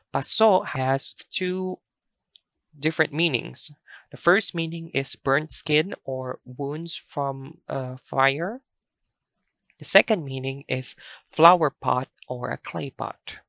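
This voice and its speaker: A woman teaching a language lesson, speaking slowly and carefully and repeating each word for practice. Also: a bass voice, gravelly, bright, forceful tone, no room sound, clean studio sound.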